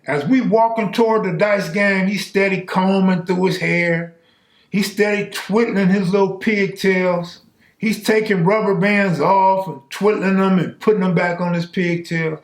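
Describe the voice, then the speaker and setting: High-voiced man telling street stories. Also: steady tone, a little slow. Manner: casual street slang, conversational. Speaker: storyteller. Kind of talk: true-crime street storytelling.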